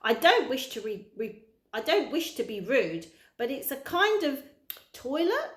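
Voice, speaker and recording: A woman voicing a kindly, polite old male tramp with gentle, old-fashioned manners, in a roomy-sounding recording. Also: high voice, sing-song, unhurried. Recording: roomy echo.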